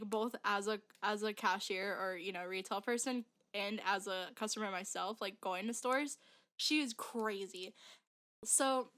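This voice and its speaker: A young woman co-hosting a podcast tells a story in casual chat, rambling and packing it with "like." Her voice is medium-pitched with a fairly bright tone.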